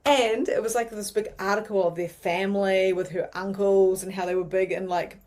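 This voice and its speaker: A woman with a New Zealand accent teaching mediumship in a chatty, animated way, with many fillers. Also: medium pitch, normal speed. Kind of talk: casual teaching monologue.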